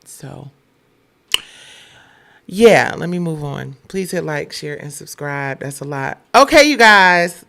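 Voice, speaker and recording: Gravelly-voiced woman hosting blunt news talk. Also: deep voice, expressive, takes it slowly, long pauses, a bit bright. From Detroit. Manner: blunt, irritated, profane. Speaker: show host. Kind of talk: casual news commentary.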